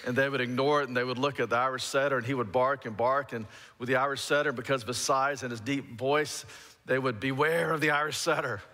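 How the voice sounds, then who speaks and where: A male pastor delivers a storytelling sermon, bursting into acted-out shouts. His voice is bright and forceful. The sound carries a long reverb from a large hall. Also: mid-range voice. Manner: storytelling with lively shouted re-enactments.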